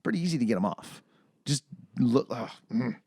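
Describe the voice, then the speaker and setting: A woman's voice: extremely low pitch, animated, moderate pace, a little mellow, slightly rough, dry recording, clean studio sound. A woman co-hosting a casual movie-riffing chat, cursing freely and ranting in exasperation. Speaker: podcast co-host.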